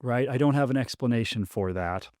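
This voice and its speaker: A man in his forties telling a personal story as a podcast guest, halting and restarting often with many ums. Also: mid-range voice, darkish tone, dry recording, studio quality. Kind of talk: casual storytelling conversation.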